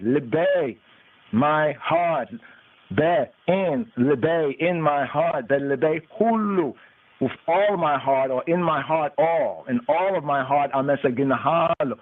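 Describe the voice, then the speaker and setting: A man works through scripture at an unhurried, deliberate pace, repeating and chanting single words as he translates them. His voice sits a bit higher than most men's. It comes through a tinny phone line from somewhat away from the mouthpiece. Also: distant mic. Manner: repeats and chants words, pausing between phrases. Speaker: radio podcast host teaching scripture. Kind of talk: slow scripture study with word-by-word translation. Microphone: phone call-in line.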